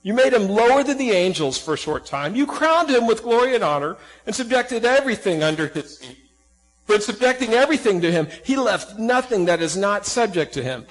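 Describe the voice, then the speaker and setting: A man with a high voice preaches with earnest emphasis, firing rhetorical questions at his listeners. His words ring out with a long echo, as though from a big hall. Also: very animated, brisk. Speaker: pastor. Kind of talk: sermon.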